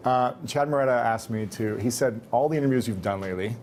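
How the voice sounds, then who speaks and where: A man's voice: medium pitch, fast, a little mellow, a little hiss or hum. Earnest young male interviewer. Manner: earnest, frequent back-channel agreement. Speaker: interviewer, host. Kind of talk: casual interview talk.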